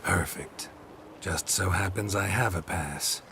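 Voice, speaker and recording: An actor playing a gruff, calm, middle-aged monster hunter in a video game, speaking in a low, gravelly, terse way. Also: male voice, slow pace. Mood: dry. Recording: game audio under gameplay noise.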